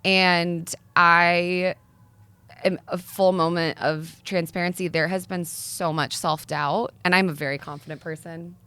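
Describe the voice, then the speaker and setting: A young woman talks in an earnest, articulate way, making her case as an interview guest. Her voice sits a little low for a woman. The sound is dry and close, with no room echo. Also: steady tone, unhurried, bright, forceful tone, clear, resonant tone. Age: young adult. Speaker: guest, nonprofit founder. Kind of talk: sit-down interview conversation.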